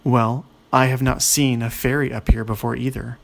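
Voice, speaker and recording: A man voicing a calm, polite female ogre adventurer in a children's story, speaking in a measured, firm way. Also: medium pitch, vocal fry.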